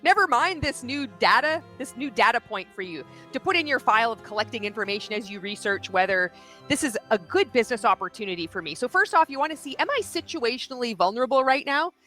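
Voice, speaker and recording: Sharp, bright-voiced woman host. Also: a little high, animated, quick pace, faint music behind. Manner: blunt, sarcastic, critical; mocks others by quoting them in exaggerated voices. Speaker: commentary show host. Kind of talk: reaction commentary on video clips.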